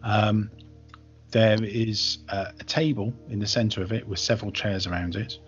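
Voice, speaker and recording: A man with a lowish voice narrates a tabletop game as game master, relaxed and full of hesitations. He speaks over an online call. The sound is dull and lo-fi, with faint music behind. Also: normal speed. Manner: relaxed, hesitant, lots of ums.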